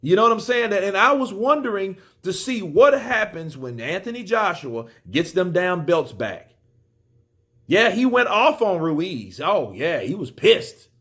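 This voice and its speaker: A male boxing commentator talks in a casual vlog, emphatic and full of profanity. His voice sits fairly high and swings up and down with lively energy. He keeps a blunt, animated delivery throughout. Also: measured pace.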